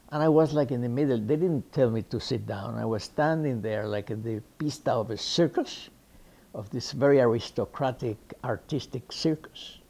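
Mellow Cuban-accented man telling stories. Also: medium pitch, normal speed, creaky. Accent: Cuban Spanish. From Cuba. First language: Spanish. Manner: lively raconteur who acts out the people he quotes. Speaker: interviewee, actor. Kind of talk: anecdotal storytelling interview.

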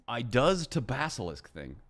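A man's voice: mid-range voice, a little slow. A man giving casual, joking commentary on gameplay clips as a streamer guessing ranks. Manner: joking, animated, sarcastic.

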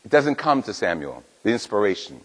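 A man's voice: lowish voice, sing-song, a little fast, a bit bright, husky. An older man, a Catholic priest, preaching a Sunday homily in a church and telling a story with acted-out dialogue. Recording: long church reverb.

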